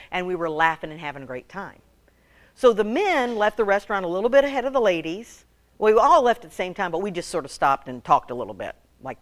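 A middle-aged woman speaking to a women's meeting, telling humorous stories in an animated way and often laughing as she talks. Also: on the low side. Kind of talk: humorous storytelling talk.

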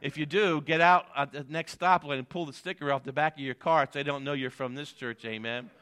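A middle-aged man preaching an evening sermon, his tone bright and forceful. He swings between emphatic high peaks and low, quiet asides, punctuating points with "amen". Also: steady tone, fairly quick, clear, resonant tone. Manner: preaching with rising emphatic peaks, repeated "amen" and "guess what". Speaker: pastor.

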